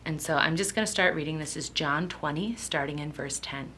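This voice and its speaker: Tearful woman reading scripture softly. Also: deep voice, a little hiss or hum. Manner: emotional, halting, often soft and near whispering. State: tearful, close to crying. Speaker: devotional speaker. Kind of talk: devotional Bible reading and reflection.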